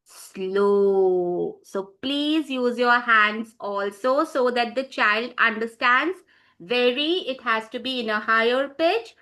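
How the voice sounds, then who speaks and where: A woman running a teacher-training session, directive and organized. Her voice is a little high and rings bright and crisp. She calls on participants by name and lays out questions step by step. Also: unhurried, hardly any pauses.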